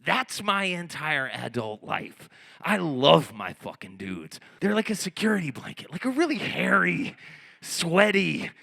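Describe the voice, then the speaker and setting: A middle-aged American man telling profane, animated stories to a live theatre audience, swinging between hushed asides and shouted outbursts. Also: fairly high pitch, unhurried. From United States. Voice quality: gravelly. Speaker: spoken-word performer. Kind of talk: stand-up storytelling on stage. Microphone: handheld stage microphone.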